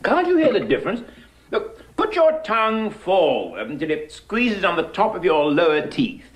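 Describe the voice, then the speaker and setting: A man's voice: sits high, very animated, moderate pace. An actor playing an exacting, impatient male phonetics professor who drills his pupil with precise, hectoring diction in a musical film. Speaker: speech tutor drilling a pupil. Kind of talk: 1960s musical film acting.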